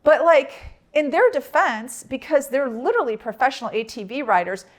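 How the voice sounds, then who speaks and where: Animated woman retelling a family trip. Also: high voice, moderate pace. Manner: animated, retells with quoted dialogue. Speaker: podcast co-host. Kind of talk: casual storytelling chat.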